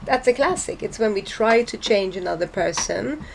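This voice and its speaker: A woman psychotherapist who talks as a guest in a reflective, searching way and restarts her words as she thinks. Her voice has a strong gravelly fry at a mid pitch. A faint noise sits beneath her. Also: animated, normal speed. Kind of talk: casual chat.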